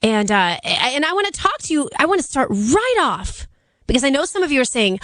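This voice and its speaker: A middle-aged woman with a raspy voice, hoarse from laryngitis, filling in as a radio talk host with a chatty, earnest, pleading manner. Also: high voice, sing-song, fairly quick, a bit bright, no echo.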